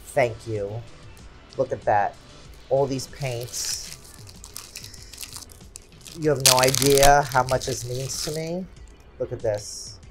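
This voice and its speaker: A woman's voice: a bass voice, slow, pauses often, over music. A woman in her forties hosting a craft channel, chatting casually and exclaiming often as she unboxes gifts at home.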